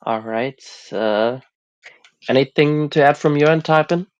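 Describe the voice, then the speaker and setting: A man hosting a casual stream chat while sick, relaxed and halting with many fillers. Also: on the high side, clear, resonant tone, no room sound, muffled recording. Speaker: host.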